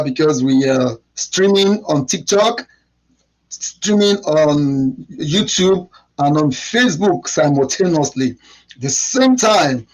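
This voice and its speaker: A man opens his live show. His voice sits a little high for a man. He talks in an emphatic, preacherly way and repeats himself. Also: low-quality recording. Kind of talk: live stream welcome and prayer.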